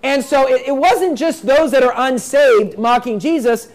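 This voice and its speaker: Guy preaching a sermon, real high voice, reads the bible then hammers it home. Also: a little slow. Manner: reads scripture aloud then explains it in plain talk; emphatic, repeats points, acts out quoted voices.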